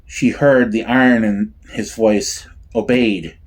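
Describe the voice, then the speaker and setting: A man narrating a novel aloud in a slow, halting way, with frequent restarts. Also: fairly low pitch, fairly even intonation. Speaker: audiobook reader. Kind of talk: amateur audiobook narration.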